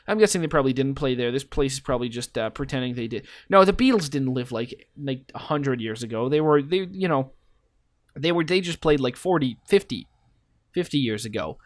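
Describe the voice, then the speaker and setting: A man's voice: medium pitch, animated, fairly quick, no echo. A man commenting casually on a geography game, rambling and asking himself playful questions as he thinks aloud. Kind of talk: casual let's-play commentary.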